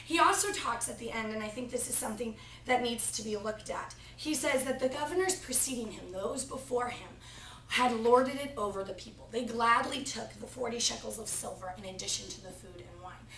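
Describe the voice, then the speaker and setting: A young woman delivers a student sermon, easing into it with a lively family story. Her voice sits a little high. She is recorded from across an echoey classroom, with faint room hum behind her. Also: fairly quick, recorded from a distance. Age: young adult. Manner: storytelling, animated retelling of family anecdote. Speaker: preaching student. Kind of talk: practice sermon.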